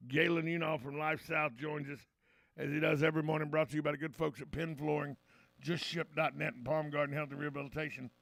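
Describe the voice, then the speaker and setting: A man hosting a morning talk radio show, chatting in a brisk, folksy, opinionated way. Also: a little high, steady tone, gravelly, a bit bright, dry recording. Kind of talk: casual radio chat. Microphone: studio microphone.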